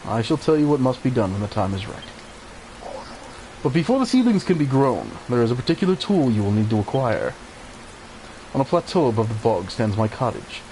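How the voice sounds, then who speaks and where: A stately old mentor in a video game, read by a man at his ordinary pitch. He speaks formally and measuredly, like someone handing down instructions to a pupil. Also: sing-song, brisk, dark tone, slight background noise, natural voice, poor audio. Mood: solemn.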